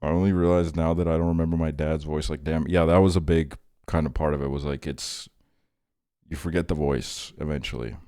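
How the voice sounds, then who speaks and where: A man's voice: rumbling low, fairly even intonation, brisk, mellow, smooth, no echo, clean studio sound. A man in his twenties chatting casually with his stream chat late at night, rambling and laid-back, often laughing. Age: 20s. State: tired.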